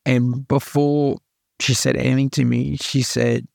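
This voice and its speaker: A man's voice: medium pitch, little pitch movement, unhurried, gravelly, a little mellow, no room sound, studio quality. A young Australian man, a podcast guest, telling his personal story candidly, often repeating himself and adding "like" and "right". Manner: earnest, repeats himself, full of likes and rights.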